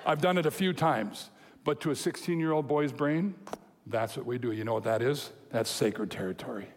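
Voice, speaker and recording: A man preaching a sermon, telling a story with lively quoted voices and chuckles. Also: medium pitch, normal speed. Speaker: pastor. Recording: long hall reverb.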